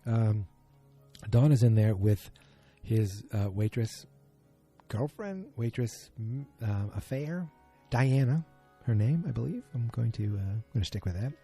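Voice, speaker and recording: A man with a husky, very dark and mellow voice talks through a TV episode as a podcast host. He rambles casually, stops to correct himself and fills gaps with ums. Faint music sits behind him. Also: mid-range voice, animated, measured pace. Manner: rambling, filler-heavy, self-correcting. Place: at home beside a muted streaming screen.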